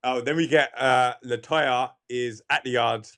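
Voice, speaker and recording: A man in casual podcast chat, recapping events in a relaxed, laid-back way. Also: medium pitch, measured pace. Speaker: podcast guest.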